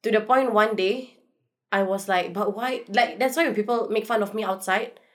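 Candid, animated young woman guest. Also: mid-range voice, moderate pace. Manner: candid, animated, laughs often, acts out quoted people. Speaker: influencer guest. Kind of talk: casual podcast chat.

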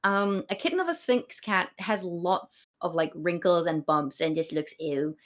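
A woman's voice: fairly low pitch, a little slow. A woman co-hosting a casual comedy podcast, giggly and rambling, with lots of fillers. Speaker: podcast co-host. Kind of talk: casual comedic chat about Shakespeare.

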